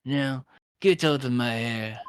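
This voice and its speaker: A man's voice: medium pitch, takes it slowly, slight background noise, close to an everyday voice. A man voicing a hostile, middle-aged male prison governor in a mafia-style drawl while reading a video game aloud. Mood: menacing. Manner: gruff mobster drawl, dismissive.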